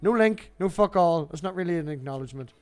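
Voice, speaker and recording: A man's voice: a little high, expressive, fast talker, clean tone, soft background music. A Northern Irish man hosting a casual group call, teasing and swearing as he jokes with friends. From Northern Ireland. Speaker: streamer hosting a hangout.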